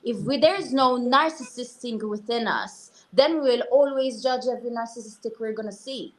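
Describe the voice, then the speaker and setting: A woman guest talking candidly and earnestly on a talk show, telling stories with animated asides. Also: fairly high pitch, moderate pace. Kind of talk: casual talk-show conversation.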